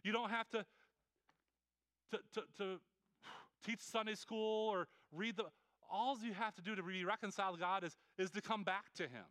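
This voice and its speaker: A man with a high, bright voice preaches a sermon, pleading earnestly and stumbling through quick restarts and repeated words. His tone is smooth and clear, recorded close and dry. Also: fairly even intonation, dry recording. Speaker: pastor.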